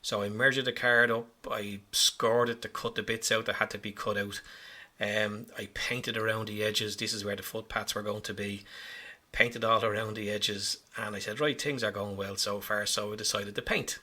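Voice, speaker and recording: Bright, husky-voiced man narrating his hobby. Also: lowish voice, fairly even intonation, normal speed. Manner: chatty, self-mocking, rambling. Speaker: hobby vlogger. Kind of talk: casual voice-over narration.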